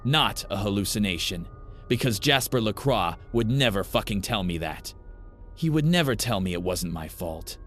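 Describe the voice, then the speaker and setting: A man narrating a first-person horror story in a grim, measured way. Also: fairly low pitch, expressive, fairly bright tone, a little hiss or hum.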